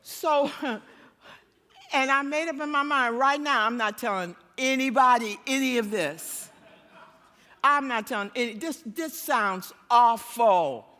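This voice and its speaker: High-voiced, bright woman preaching in a church. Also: measured pace. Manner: animated storyteller, self-mocking, laughing. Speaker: guest preacher. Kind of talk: storytelling sermon. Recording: long church-hall reverb.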